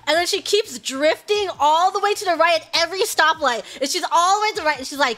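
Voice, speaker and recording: Very high, bright, excitable young woman. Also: fast, few pauses. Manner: excitable storytelling with frequent laughter and shouted outbursts. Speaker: streamer. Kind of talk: casual chat.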